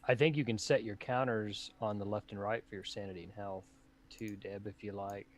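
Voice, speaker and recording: A man's voice: lowish voice, fairly even intonation, brisk, a little hiss or hum. A man co-hosting a live board game stream, bantering casually and laughing easily. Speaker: board game show co-host.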